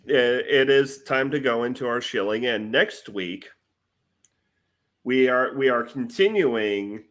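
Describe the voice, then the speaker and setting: A man's voice: medium pitch, fairly bright tone. A man co-hosting a casual film podcast, speaking hesitantly with fillers and restarts. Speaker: podcast co-host.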